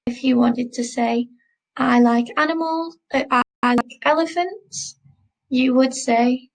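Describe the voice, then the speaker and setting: A woman teaching a school French class, speaking slowly and patiently and repeating each word twice. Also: sits high, steady tone, gravelly, rough recording. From England. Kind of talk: classroom lesson explaining French grammar.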